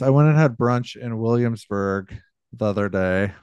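A man's voice: medium pitch, normal speed, darkish tone, smooth, no echo. A man co-hosting a podcast in casual chat, telling rambling stories full of fillers. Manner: rambling storyteller, many fillers. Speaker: podcast co-host.

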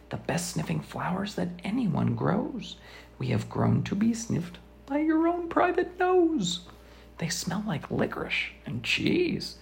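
A man's voice: high voice, sing-song, a little slow, gravelly. A man reading a rhyming children's book aloud as a father, in a sing-song rhythm that often drops to a whisper. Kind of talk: storybook read-aloud.

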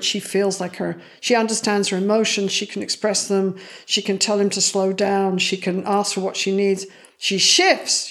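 A woman psychologist, a guest in an interview, telling stories and acting out the voices of the people in them. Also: mid-range voice. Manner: animated, acts out quoted voices. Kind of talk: storytelling in an interview.

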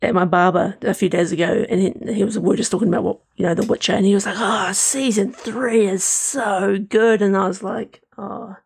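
Gravelly-voiced New man co-hosting. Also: high voice, fast talker, hardly any pauses. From New Zealand. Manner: relaxed, rambling with fillers and restarts. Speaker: podcast co-host. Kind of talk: casual chat.

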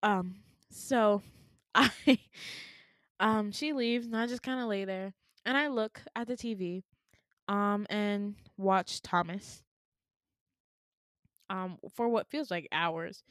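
A woman's voice: medium pitch, slow, long pauses, clear, resonant tone, no echo, clean studio sound. A woman co-hosting a podcast, telling a dream in casual chat, acting out the lines of people in it with swearing and laughter. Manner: animated, acts out quotes with swearing and laughs.

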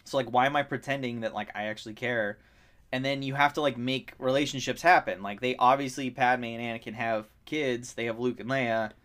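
A man's voice: medium pitch, steady tone, brisk, fairly bright tone. Chatty man riffing on a movie. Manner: rambling, many "like" fillers, swears, acts out quotes. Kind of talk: casual movie discussion chat.

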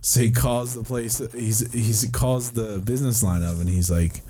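A young man co-hosting a podcast, retelling a story in animated fashion and swearing freely. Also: mid-range voice, normal speed, slightly rough. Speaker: podcast co-host. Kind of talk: casual podcast chat.

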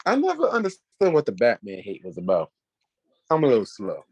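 Low raspy guy, voice swings all over, easygoing and a bit hesitant. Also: wildly swooping pitch, fairly quick, dry recording. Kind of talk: casual chat.

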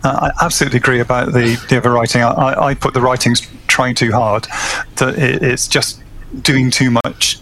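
A man's voice: medium pitch, level tone, a little fast, a bit bright. Hesitant, considered male panelist. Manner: considered, hesitant, many uhs and repeats. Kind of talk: casual panel discussion.

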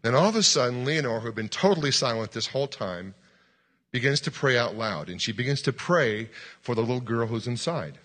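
Pastor, male, bright forceful voice, animated sermon storytelling. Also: mid-range voice, brisk. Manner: animated storyteller, acts out dialogue, shouts commands.

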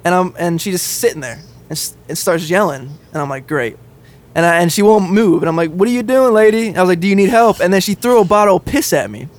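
Fast-talking animated podcast man. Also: sits high. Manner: animated, swears freely, laughs through his stories. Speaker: podcast co-host. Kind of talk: casual storytelling chat.

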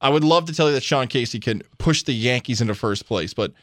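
A man's voice: medium pitch, lively intonation, fast, no echo, clean studio sound. A man co-hosting a sports radio show, giving opinions in casual talk and mimicking imagined conversations.

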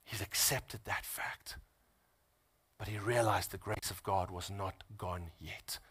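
A man who is a father, preaching a sermon as pastor of his church, moving between hushed, tender passages and loud, fervent stretches. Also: low voice, steady tone, slow pace, husky.

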